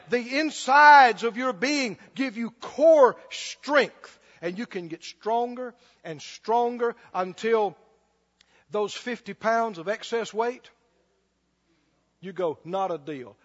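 A man's voice: very high voice, fairly bright tone, long reverb tail, highs cut off. A man preaching a sermon, emphatic and repetitive, often laughing between points.

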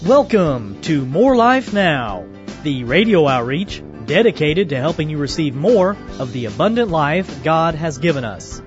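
A man reading a scripted radio introduction in a slow, measured way, on a muffled broadcast. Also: a little high, very animated, over music. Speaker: radio announcer.

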